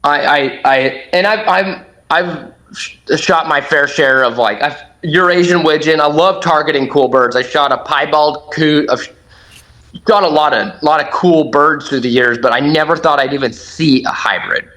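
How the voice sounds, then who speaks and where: Excitable man telling a hunting story. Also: on the high side, normal speed, poor audio. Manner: animated, acts out his own shouts. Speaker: podcast guest, duck hunter.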